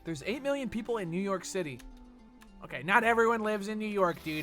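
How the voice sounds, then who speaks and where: A man from Texas chats through a gaming livestream, his bright, edgy voice swinging up and down as he reads chat aloud and fires back profane jokes. Faint game music plays quietly behind him. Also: high-pitched, lively intonation, a little fast. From Texas, USA. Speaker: gaming streamer.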